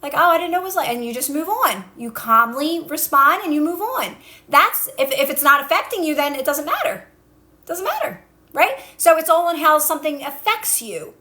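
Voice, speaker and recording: Woman, high voice, livestream coach, repeats calm instructions, phone mic. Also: moderate pace. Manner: coaching, repeats calming instructions, answers viewer comments. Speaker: manifestation coach. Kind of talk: casual TikTok live talk.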